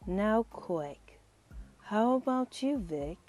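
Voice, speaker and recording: A woman's voice: mid-range voice, animated, a little mellow. A woman doing a rhyming old mummy teacher. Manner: speaks in rhyme, slow and teacherly.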